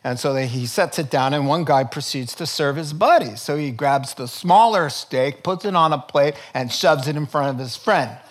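A man preaching a sermon in an animated, joking way. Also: fairly high pitch. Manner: animated, joking preacher, rapid lively delivery. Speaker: pastor.

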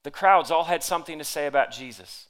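A man preaching to a congregation, his tone bright and forceful and his pitch sitting a little high. He reads scripture aloud with dramatic emphasis. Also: a little fast. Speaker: pastor. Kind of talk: sermon. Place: church hall with audience.

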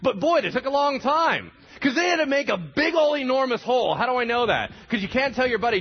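A man's voice: very high-pitched, very animated, fairly quick, hardly any pauses, slightly rough, highs cut off. A man preaching a sermon, telling the story with animation and acting out the voices of the people in it. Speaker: pastor.

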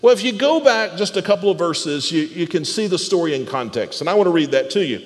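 A man preaching a sermon in an animated way, often repeating words as he restarts a phrase and putting questions to the congregation. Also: a little high, brisk, long reverb tail. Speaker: pastor.

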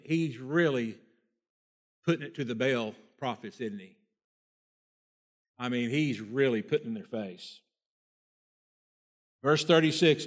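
A man preaching a sermon, reading scripture aloud and breaking in with folksy asides and rhetorical questions. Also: fairly high pitch. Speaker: pastor.

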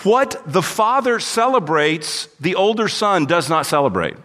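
A man's voice: high voice, very animated, measured pace, a bit bright. A male pastor preaching an expository sermon in a church, reading scripture aloud and then explaining it verse by verse. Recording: long hall reverb.

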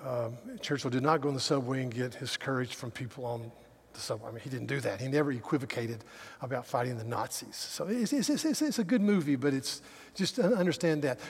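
A man preaching a sermon. He stumbles over restarts and swings from loud emphasis to quiet asides. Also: mid-range voice, fairly quick, breathy edge. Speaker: pastor. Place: church sanctuary. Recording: long reverb of a large hall.

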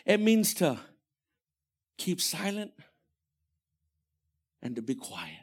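A man preaching a sermon as pastor, animated, swinging from shouted lines to hushed, near-whispered ones. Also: sits high, slow pace, breathy edge.

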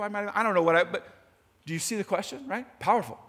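A man preaching a sermon in a lively, conversational way, talking straight to his audience. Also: high-pitched, fast. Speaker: pastor. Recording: long hall reverb.

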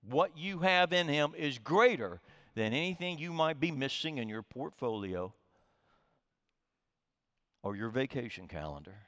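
Lively preaching man in reverberant hall. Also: mid-range voice. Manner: earnest, emphatic preaching with rising and falling delivery. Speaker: pastor. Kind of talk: sermon.

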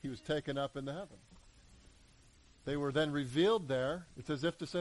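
A man preaching a sermon, animated, acting out voices in the story and building to emphatic peaks. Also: fairly high pitch, brisk, pauses often, dry recording, low-quality recording. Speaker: pastor.

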